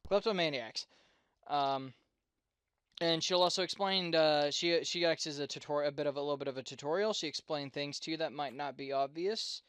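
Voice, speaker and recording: A man's voice: a little high, brisk, fairly bright tone, smooth, no echo, studio quality. A man hosting a let's play, commenting casually on a game in a rambling way, with lots of fillers and self-corrections.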